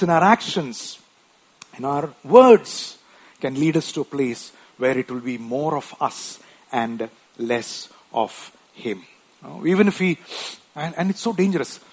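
Male preacher, slightly high voice, husky, slow and chatty sermon delivery. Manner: conversational, frequent tag questions and restarts; wife mentioned.

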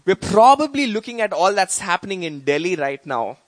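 A man's voice: high-pitched, big pitch swings, brisk. A man preaching a sermon as pastor, earnest and conversational, with emphatic rises.

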